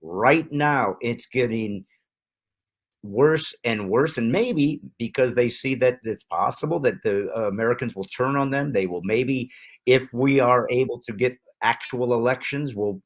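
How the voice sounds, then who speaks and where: A man's voice: mid-range voice, a little slow. A man hosting a podcast, talking casually and thoughtfully with many hesitations. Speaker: podcast host, comedian.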